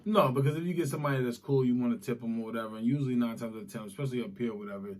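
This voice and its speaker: A man from Boston, raised in the South, bantering loudly on a comedy podcast and laughing often. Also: mid-range voice, rapid-fire. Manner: loud, animated, laughs often.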